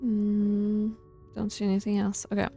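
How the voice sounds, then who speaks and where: A woman's voice: mid-range voice, completely flat delivery, unhurried, mellow, faint music behind. A woman hosting a gaming video, chatting casually as she plays and thinking aloud with small laughs and hesitations. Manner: muses aloud while playing, with frequent small laughs and hesitations. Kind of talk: casual let's-play commentary, reading game letters aloud.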